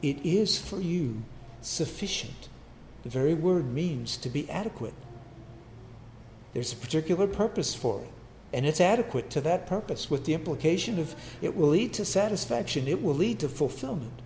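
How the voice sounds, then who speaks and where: A man's voice: a little high, lively intonation, brisk, darkish tone, roomy sound, a little hiss or hum. A man preaching a sermon as pastor, emphatic and repeating key phrases.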